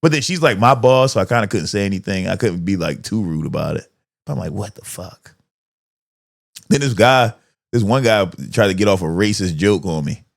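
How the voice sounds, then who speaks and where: A man's voice: fairly low pitch, a little fast, creaky. A man in his thirties hosting a podcast, telling casual stories full of swearing and acted-out quotes. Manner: profane, animated storyteller who acts out quotes. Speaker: podcast host. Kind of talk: casual storytelling chat.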